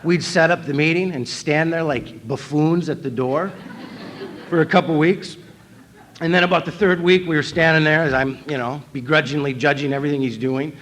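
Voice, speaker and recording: A man's voice: on the high side, steady tone, moderate pace, a bit bright, a little hiss or hum. A man from North Dakota telling his recovery story at a convention, wry and self-mocking, acting out his own past thoughts. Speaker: recovery meeting speaker. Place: convention hall.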